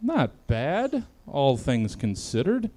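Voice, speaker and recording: A man hosting a comedy panel show over a video call, laughing often between lines. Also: slow pace. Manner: laughs often, lively swings in pitch.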